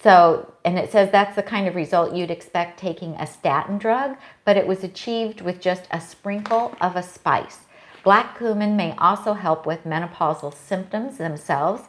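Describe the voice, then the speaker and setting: A woman's voice: fairly low pitch, normal speed. A middle-aged woman co-hosting a casual live chat, chatty and reading aloud from a book with small stumbles. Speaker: co-host.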